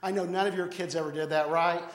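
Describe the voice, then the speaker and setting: A man's voice: high voice, steady tone, fast talker, roomy sound. A man preaching a sermon to his church, talking conversationally and often repeating words and restarting phrases. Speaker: pastor. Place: church sanctuary.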